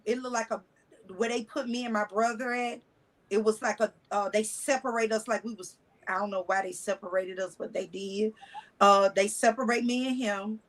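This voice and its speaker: Candid, blunt-spoken woman, slightly high. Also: poor audio. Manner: blunt, colloquial, with frequent cussing and restarts. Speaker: guest. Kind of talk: candid personal storytelling.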